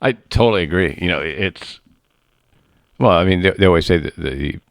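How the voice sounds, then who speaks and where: Deep, gravelly older male host. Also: animated, no echo, clean studio sound. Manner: easygoing and agreeable, halting as he searches for words. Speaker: podcast host. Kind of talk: casual conversational interview.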